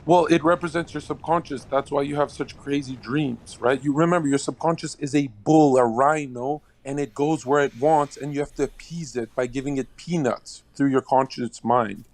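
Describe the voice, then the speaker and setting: A man's voice: medium pitch, normal speed, hardly any pauses. A man calling in to a casual chat, provocative and crude, laughing at his own bits. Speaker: caller.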